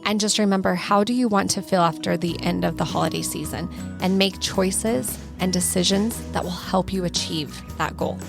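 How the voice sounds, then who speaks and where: A woman co-hosting a podcast, closing the episode with a calm, earnest devotional message. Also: on the low side, vocal fry, music in the background. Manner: measured, earnest and unhurried. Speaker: podcast co-host.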